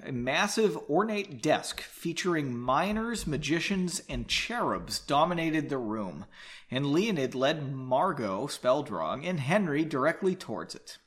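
Lively man reading a novel aloud. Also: fairly high pitch, a little slow. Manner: jokey asides between passages. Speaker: audiobook reader. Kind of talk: casual read-aloud of a fantasy novel. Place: home, seated on a couch.

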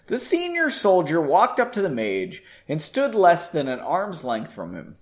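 A man's voice: a little high, wildly swooping pitch, measured pace, hardly any pauses. A man hosting a podcast, reading a novel aloud with chatty, self-deprecating asides. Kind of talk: casual story reading with asides.

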